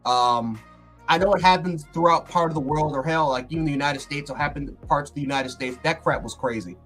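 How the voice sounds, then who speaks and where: A man hosting a casual livestream, talking in an excitable, rambling way with lots of fillers and restarts. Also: a little high, a little fast, soft background music. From Buffalo, New York. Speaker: sports channel host.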